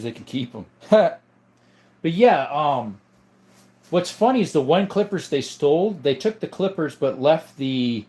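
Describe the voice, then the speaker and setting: A man with a mid-range, slightly mellow voice hosts a casual livestream. He chats loosely and rambles, joking and reading chat messages aloud.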